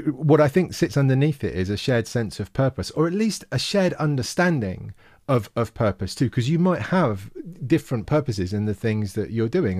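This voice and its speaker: A man's voice: fairly low pitch, darkish tone, no echo, clean studio sound. A man hosting a livestream interview, asking reflective, searching questions. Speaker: host.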